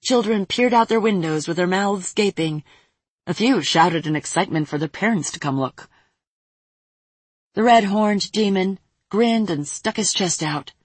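Husky-voiced woman reading a story. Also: mid-range voice, expressive, a little slow, no echo. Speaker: narrator.

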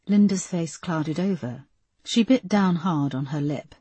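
A woman narrating an audiobook in a measured, even storytelling manner. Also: low-pitched, slightly rough, no room sound. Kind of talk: scripted narration.

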